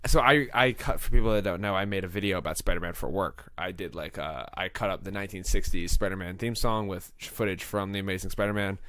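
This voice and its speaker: A man's voice: deep voice, sharp tone, dry recording. Dry-voiced young man gushing about movies. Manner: enthusiastic, acts out movie lines in quick bursts. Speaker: podcast co-host. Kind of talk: casual chat.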